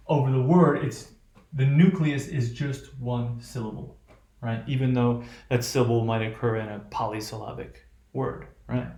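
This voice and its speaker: A man's voice: medium pitch, a little mellow, reverberant. A man teaching a lesson on English intonation, hesitant, with many restarts and "right?" checks.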